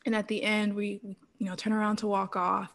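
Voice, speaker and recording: A woman in her thirties telling a personal story as an interview guest, animated, laughing often and acting out quotes. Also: medium pitch, a little fast. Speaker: interview guest, former pro cheerleader.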